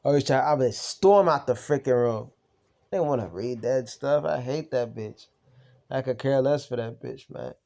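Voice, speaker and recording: A man's voice: medium pitch, normal speed, creaky, a little mellow. A young man venting in an unscripted vlog, telling a heated story full of blunt slang and swearing. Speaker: vlogger on recovery from narcissistic abuse. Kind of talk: unscripted personal venting to camera.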